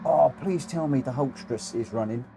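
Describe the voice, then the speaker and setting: A man giving excitable, giggly live commentary as host of a gaming livestream, chatting to viewers from a home setup on a desk mic. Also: mid-range voice, moderate pace, creaky, music in the background.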